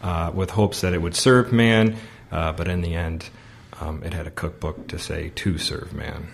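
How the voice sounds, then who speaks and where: A man with a somewhat low voice co-hosts a casual podcast chat. He rambles through his points, filling gaps with ums and uhs. He laughs easily along the way. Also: steady tone, vocal fry, slight background noise. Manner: rambling, full of fillers and quick laughs. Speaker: podcast co-host.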